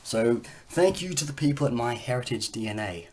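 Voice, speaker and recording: A male vlogger talks casually to camera, reading through results on screen in a rambling, halting way full of fillers and restarts. His voice is medium in pitch and expressive.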